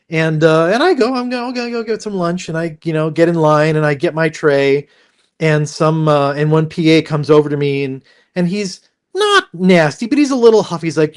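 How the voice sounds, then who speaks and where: A man's voice: a little high, fairly quick. A man who works as a voice actor, telling stories in a casual, rambling way and acting out the people he quotes. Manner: rambling with many restarts and fillers. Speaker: voice actor guest. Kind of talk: casual storytelling.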